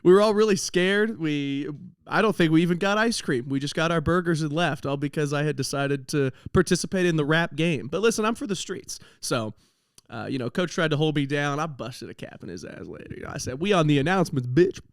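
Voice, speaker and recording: A podcast host and comedian rambles through funny stories and often laughs partway through a sentence. His voice sits a little high for a man. The recording is dry and close, with no room sound. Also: animated, brisk, clean tone, dry recording. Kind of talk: comedic storytelling monologue.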